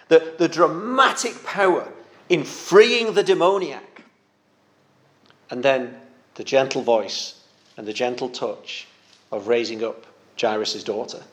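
A man preaching a sermon in an earnest, gentle pastoral manner, sometimes repeating a word as he goes. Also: fairly high pitch.

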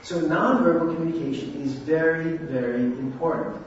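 A man delivers a sermon in a plain, talkative way, often turning to the listeners. His voice sits a little high. It comes from a distance in a heavily echoing hall, with a dull lo-fi sound. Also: normal speed, slight background noise. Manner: conversational, asks the audience "right?". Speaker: preacher. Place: church or hall.

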